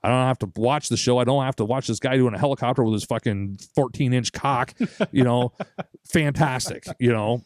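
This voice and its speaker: A man's voice: mid-range voice, moderate pace, dry recording, clean studio sound. A young man co-hosting a podcast, telling a long story in a casual, profane way and acting out other people's lines. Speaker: podcast co-host.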